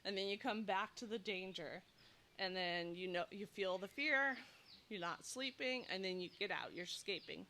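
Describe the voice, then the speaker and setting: Bright-voiced nurse talking outdoors. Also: female voice, medium pitch, normal speed, slight background noise. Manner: animated, acts out anxious inner thoughts. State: slightly out of breath. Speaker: nurse and sleep coach. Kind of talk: casual direct-to-camera advice talk. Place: outdoors in humid heat. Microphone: clip-on mic, loosening.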